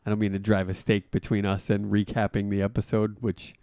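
A man's voice: on the low side, completely flat delivery, a little fast, dark tone, clear, resonant tone, no room sound, clean studio sound. Joking, cursing male podcast host. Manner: joking, profane, laughs often. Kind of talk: casual chat.

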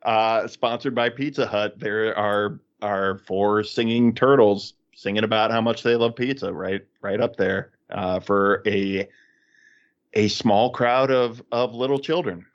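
A man's voice: lowish voice, steady tone, unhurried. Wry man on a dull lo-fi line. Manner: wry, joking, laughs mid-sentence. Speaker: podcast co-host. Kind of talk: casual chat.

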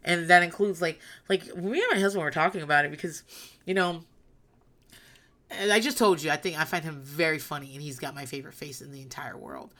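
A woman's voice: low-pitched, fairly quick, fairly bright tone. A woman in her thirties hosting a solo podcast, telling stories bluntly and profanely with a rambling, candid delivery. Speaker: podcast host.

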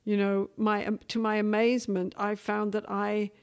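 A woman's voice: medium pitch, normal speed, clear, resonant tone. English woman, middle-aged, telling stories in a casual interview, lots of life in it. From England. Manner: animated storytelling, shifting between voices. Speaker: guest.

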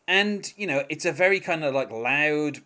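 A man's voice: fairly high pitch, lively intonation, moderate pace, pushed and bright. A man co-hosting a casual music podcast, talking in a hesitant, chatty way with many fillers and short laughs. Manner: chatty, hesitant, reads lyrics aloud with laughs. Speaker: podcast co-host.

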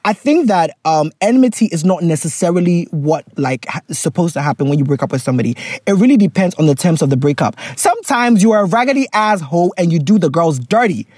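Woman, podcast host, casual advice, animated, wide-ranging pitch, dry close sound. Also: fast, few pauses, slightly rough, no echo. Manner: animated, laughs often, slips into pidgin, goes off on tangents. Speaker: podcast host reading a listener letter.

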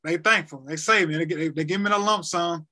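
High-voiced man telling a rambling story. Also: fairly even intonation, a little fast, sharp tone. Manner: rambling, repeats himself, acts out conversations. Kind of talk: casual personal storytelling.

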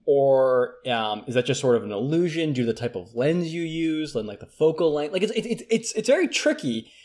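A man's voice: fairly high pitch, lively intonation, normal speed, a little mellow. A man playing along in a comic chat, mock-serious and earnest, with many "like"s and restarts. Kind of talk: deadpan comedic chat.

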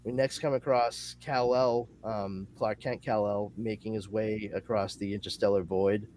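A male podcast host chatting casually, summarizing a comic in a rambling, animated way with lots of fillers. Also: lowish voice, measured pace, slight background noise. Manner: rambling and animated, with many fillers and excited asides.

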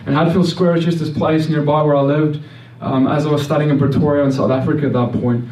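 A man's voice: on the high side, little pitch movement, quick pace, a little mellow. A man giving a personal faith testimony, earnest and storytelling, often restarting and repeating words. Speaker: speaker sharing a testimony. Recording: roomy echo, mic at a distance.

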